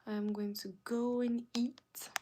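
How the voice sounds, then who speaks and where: A woman hosting a casual live stream, her voice pitched a little high and her pace unhurried. She reads viewer comments aloud and keeps repeating her question to the chat, now and then dropping into soft, half-whispered asides. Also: level tone, background noise. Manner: drifts from loud rallying calls to soft near-whispered asides.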